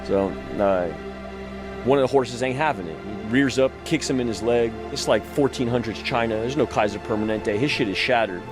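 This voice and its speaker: A man's voice: mid-range voice, normal speed, music in the background. A man telling a long story in casual, loose speech, swearing freely and restarting his sentences. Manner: loose and profane, with frequent restarts.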